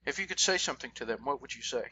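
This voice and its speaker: A man's voice: mid-range voice, lively intonation, rapid-fire, pushed and bright, slightly rough, lo-fi sound. A man hosting a radio interview, asking long, winding questions.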